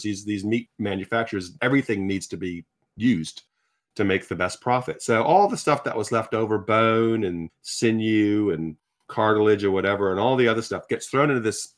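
A man, from Virginia, telling personal stories as a guest in an animated, chatty, self-deprecating way, with many restarts. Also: fairly low pitch. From Virginia, United States. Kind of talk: personal storytelling in conversation.

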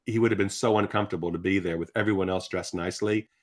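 A man, from Virginia, telling personal stories as a guest in an animated, chatty, self-deprecating way, with many restarts. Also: deep voice, quick pace. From Virginia, United States. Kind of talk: personal storytelling in conversation.

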